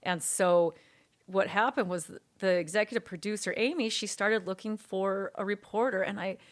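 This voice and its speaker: A woman's voice: mid-range voice, moderate pace. A woman court reporter, a guest in a casual interview, telling her story animatedly and acting out the dialogue she quotes.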